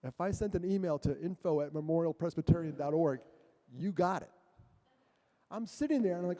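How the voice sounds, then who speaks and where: A male guest speaker telling a personal story to a church audience, animated and self-mocking, with jokes between the serious parts. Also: fairly high pitch, fairly quick. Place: church hall. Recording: long hall reverb.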